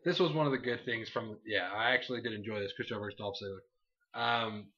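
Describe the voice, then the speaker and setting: A man's voice: on the low side, fast talker, sharp tone. Casual lo-fi man recapping wrestling. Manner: rambling, acts out quotes in silly voices. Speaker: podcast co-host. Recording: dull lo-fi recording.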